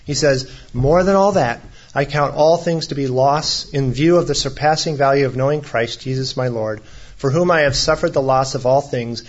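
A man's voice: mid-range voice, moderate pace, lo-fi sound. A man preaching a sermon as a pastor, in a conversational way with humorous asides.

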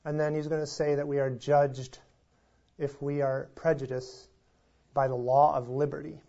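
A man's voice: a little high, normal speed, creaky. Conversational male pastor, muffled sound. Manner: relaxed storytelling, conversational. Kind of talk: sermon opening with a joke.

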